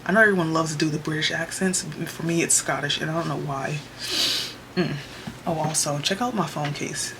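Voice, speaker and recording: Speaking at a moderate pace in a low, steady tone, this young vlogger chats casually from a cramped bedroom office. She's upbeat, talkative, and drops a "y'all," while a camera mic picks up background noise and music underneath.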